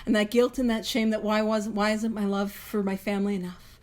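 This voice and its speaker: A woman's voice: mid-range voice, little pitch movement, fairly quick, darkish tone. A young adult woman hosting a recovery book study, talking in an earnest, casual way, repeating phrases and laughing lightly. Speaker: podcast host leading a recovery book study. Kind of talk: casual heartfelt talk.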